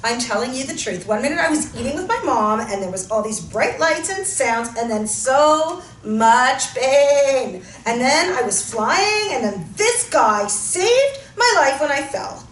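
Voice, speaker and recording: A woman's voice: sits high, very animated, unhurried, few pauses, fairly bright tone, exaggerated voice. A woman voicing an eager, chatty teenage girl lamb with a Midwestern accent, upbeat and full of questions. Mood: pleading. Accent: Midwestern American. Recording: echoey room, mic far off, faint hiss.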